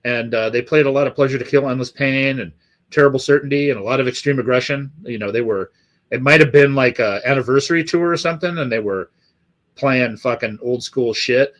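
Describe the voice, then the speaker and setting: A man's voice: medium pitch, fairly quick, fairly bright tone. Foul-mouthed man rambling on a stream. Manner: profane, rambling, swears constantly. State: has been drinking. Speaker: live stream host. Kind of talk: casual live-stream chat.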